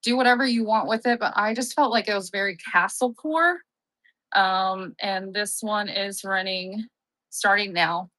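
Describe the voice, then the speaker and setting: A woman's voice: medium pitch, a little slow, pushed and bright, dry recording, rough recording. A young woman hosting a live-selling stream, chatting casually, upbeat and often laughing at herself. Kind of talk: casual live-sale chat.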